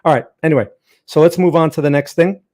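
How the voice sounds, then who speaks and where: A man's voice: fairly high pitch, quick pace, darkish tone. A man hosting a trading livestream, talking casually through market events with joking asides and frequent "right?" checks.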